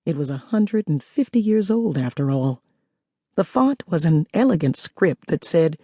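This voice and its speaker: Woman reading an audiobook, warm mellow voice, dry close sound. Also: low-pitched, animated, normal speed, husky, dry recording. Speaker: audiobook narrator. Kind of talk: scripted narration.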